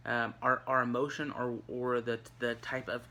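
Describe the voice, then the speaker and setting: Bright-voiced male teacher, chatty. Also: medium pitch, level tone, moderate pace. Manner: conversational, many fillers and restarts. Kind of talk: recorded online lesson. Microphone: recorded for an online video.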